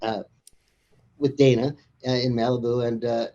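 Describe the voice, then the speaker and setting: A man's voice: medium pitch, flat delivery, normal speed, dark tone, lo-fi sound. A man as an interview guest, chatting casually and rambling through anecdotes with frequent chuckles. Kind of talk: casual conversation.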